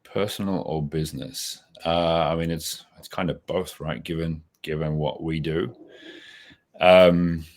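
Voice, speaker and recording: A man's voice: deep voice, little pitch movement, slow, darkish tone. A man in his forties with an Australian accent, answering interview questions in a reflective, casual way with many restarts. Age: 40s. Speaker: podcast guest.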